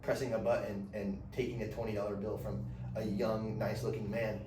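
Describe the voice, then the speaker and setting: A young podcast host rambles through a long story in casual slang, acting out the quotes as he chats. His fairly low voice moves little in pitch and runs brisk over music, picked up by a distant mic in an echoey room with faint noise.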